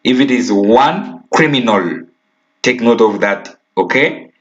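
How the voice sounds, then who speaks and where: A man's voice: medium pitch, lively intonation. A man with a Ugandan English accent teaching a recorded primary school lesson, stressing key words and checking in with "okay?". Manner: slow, emphatic, repeats key words and asks "okay?". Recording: dull lo-fi recording.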